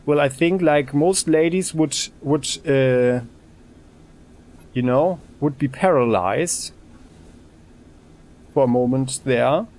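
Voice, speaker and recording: A man's voice: medium pitch, takes it slowly, long pauses, darkish tone. A man hosting a let's play, musing over choices in casual commentary with restarts.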